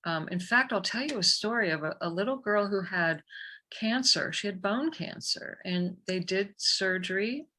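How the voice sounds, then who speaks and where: Woman, energy healer guest, bright forceful voice, animated storyteller. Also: mid-range voice, normal speed, a little hiss or hum. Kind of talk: conversational storytelling.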